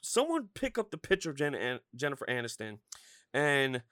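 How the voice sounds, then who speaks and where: In clean studio sound without any room tone, a man in his thirties delivers a casual podcast rant. He speaks at normal speed in a medium pitch, swearing a lot and leaning on fillers as he gets worked up.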